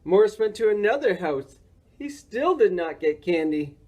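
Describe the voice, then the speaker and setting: A woman librarian reading a picture book aloud at a children's story time, slow and expressive. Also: mid-range voice, breathy edge, lo-fi sound.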